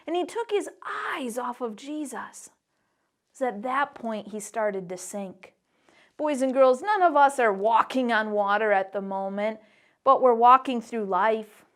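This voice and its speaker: A woman teaching a children's Bible lesson in a church, animated and playful as she tells the story to the kids. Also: high voice.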